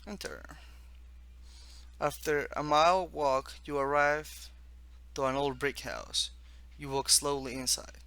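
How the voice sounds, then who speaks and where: A man from the East Coast walks through a simple text adventure, reading each line off the screen and adding his own asides. His voice is bright and forward, and it is recorded close and dry with no room sound. He reads haltingly, restarting phrases as he goes. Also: a little high, steady tone, clear, resonant tone, no echo. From East Coast of the United States. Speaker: student demoing his own text game. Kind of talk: casual walkthrough, reading game text aloud.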